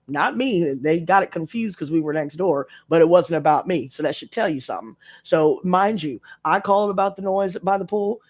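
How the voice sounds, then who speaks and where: A woman's voice: sits low, darkish tone. A woman telling a story to her live-stream audience in casual chat, emphatic and profane as she rants. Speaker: tarot reader live-streaming.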